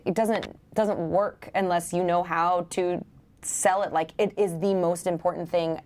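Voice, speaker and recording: A woman's voice: on the low side, fairly even intonation, measured pace, a little mellow. A woman co-hosting a casual movie review podcast, playful and jokey. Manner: playful, jokey, puts on voices for bits. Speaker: podcast co-host.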